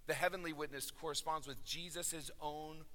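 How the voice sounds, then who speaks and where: A man preaching a sermon, swinging from loud declarations to hushed, low endings. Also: steady tone, normal speed, faint music behind. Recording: reverberant hall.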